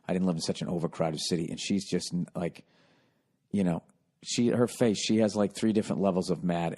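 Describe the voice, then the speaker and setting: A man in his forties from the United States, hosting a podcast, telling comedic stories in a profane, animated rant. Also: deep voice. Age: 40s. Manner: profane, animated, loud when retelling. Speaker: podcast host.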